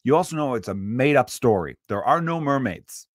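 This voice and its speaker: A man from Chicago in his thirties rants alone on his podcast, swearing freely and turning preachy. His voice sits at an ordinary middle pitch. The sound is close and dry, with no room echo. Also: normal speed, hardly any pauses. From Chicago area. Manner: profane, preachy and animated. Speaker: podcast host. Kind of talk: solo podcast rant.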